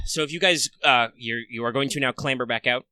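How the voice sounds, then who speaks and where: A man's voice: medium pitch, fairly quick, pushed and bright, no room sound. A man running a tabletop game as game master, rambling with many fillers and restarts.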